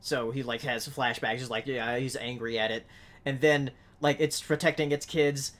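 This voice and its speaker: A man hosting a podcast in casual chat, halting and full of fillers. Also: medium pitch, fairly even intonation, a bit bright. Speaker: podcast host.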